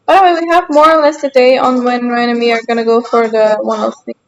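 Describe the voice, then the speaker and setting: High-voiced young woman chatting on stream. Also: steady tone, fast, muffled recording, slight background noise. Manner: chatty, answers chat aloud, playfully defensive. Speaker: gaming streamer. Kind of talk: casual live-stream chat. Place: home, sitting on a sofa.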